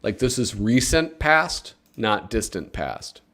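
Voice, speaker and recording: A male live-stream host talking to his chat in a loose, joking way. His pitch swings widely between low asides and high bursts of excitement. He sounds casual and playful as he reads from a comic magazine. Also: slow. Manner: animated and joking, with sudden excited yelps; talks to chat viewers.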